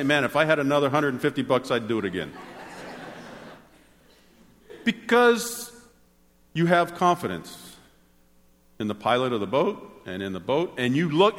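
A man preaching a sermon as pastor, animated, swinging between excited exclamations and soft low asides. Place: church sanctuary. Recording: long hall reverb.

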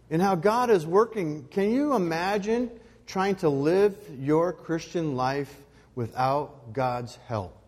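A man preaching a sermon as pastor, animated and emphatic, with loud rising peaks. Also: fairly high pitch, takes it slowly, in a large hall.

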